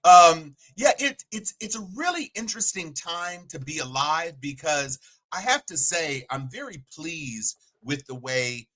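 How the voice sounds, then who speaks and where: A man's voice: a little high, very animated, a little slow, sharp tone. A man co-hosting a podcast, chatting casually and playfully, with jokey asides. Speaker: podcast co-host. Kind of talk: casual political chat.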